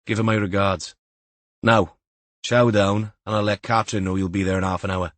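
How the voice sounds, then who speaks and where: A man voicing a gruff, sardonic senior detective. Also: lowish voice, level tone, normal speed, a bit bright, no room sound, lightly acted. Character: gruff, dry-witted senior Welsh detective.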